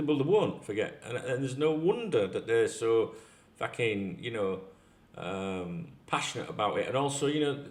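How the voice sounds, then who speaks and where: Rambling man ranting on a vlog. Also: mid-range voice. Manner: rambling, frequent restarts and swearing. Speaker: football channel host. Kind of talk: casual vlog rant.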